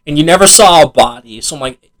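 A man's voice: fairly high pitch, expressive, quick pace, a crowd in the background, poor audio. A young man co-hosting a casual podcast about video games, laughing often, swearing freely and acting out game dialogue. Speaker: podcast co-host.

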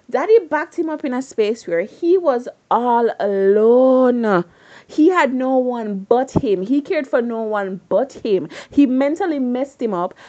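Animated woman gushing over a drama plot. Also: a little high, muffled recording. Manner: dramatic, slangy, gushing asides. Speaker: storyteller recapping a drama. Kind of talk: casual animated retelling.

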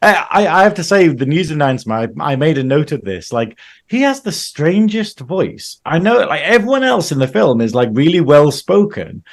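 A man's voice: a little high, moderate pace. A man co-hosting a casual film chat, laughing often and acting out quotes. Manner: animated, laughs often, quotes people in playful voices. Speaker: podcast co-host.

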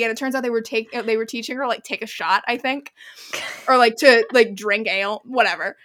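A woman with a bright, sharp, slightly high voice chats on her podcast. She retells a story in animated bursts, sprinkled with "like," and slips into the characters' lines as she goes. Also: normal speed. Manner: animated storyteller, heavy use of "like", acts out quotes. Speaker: podcast co-host. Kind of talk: casual chat recapping a book.

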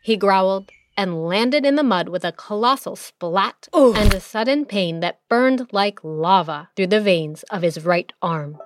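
Expressive woman telling a children's story. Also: mid-range voice, measured pace, hardly any pauses, slight background noise. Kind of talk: scripted children's story narration. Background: music.

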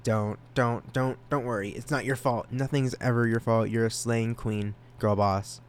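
A young man hosting a solo podcast, talking casually, excited and self-conscious, stammering through restarts and rambling. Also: mid-range voice, moderate pace, clear, resonant tone. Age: young adult. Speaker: podcast host.

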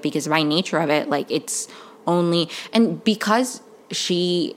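A young woman with a low voice talks through a TV recap in a loose, chatty way. She leans on filler words and often restarts her sentences. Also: moderate pace. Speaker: TV recap vlogger. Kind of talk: casual recap chat.

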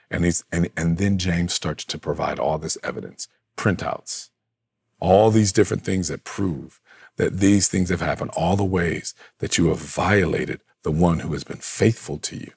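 A man's voice: low voice, normal speed, slightly rough, no room sound, studio quality. A man preaching a sermon as pastor, earnest, asking rhetorical questions and repeating phrases.

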